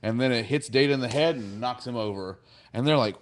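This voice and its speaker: A man's voice: mid-range voice, a little fast. Rambling, chuckly man recapping a show. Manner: rambling, chuckling, heavy use of "like" and "you know". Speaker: podcast co-host. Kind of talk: casual episode recap chat.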